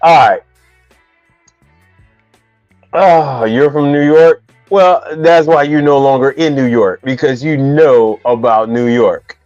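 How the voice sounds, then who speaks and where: A man talks casually on a live stream, joking and teasing as he rambles through business questions in loose slang. His voice sits at an ordinary pitch. The sound is dull and dry, with faint music playing behind him. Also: a little slow, a little mellow, no echo.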